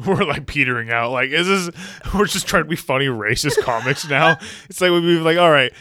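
A man's voice: fairly high pitch, animated, moderate pace, bright, forceful tone, no echo, studio quality. A man hosting a podcast, bantering loosely with a guest, swearing and laughing often. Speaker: podcast host. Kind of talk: casual comedy podcast chat.

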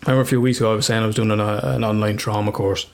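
A man's voice: lowish voice, level tone, very fast. A middle-aged Irish man, co-hosting a podcast in casual chat, telling stories with plenty of laughter and casual swearing. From Ireland. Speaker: podcast co-host.

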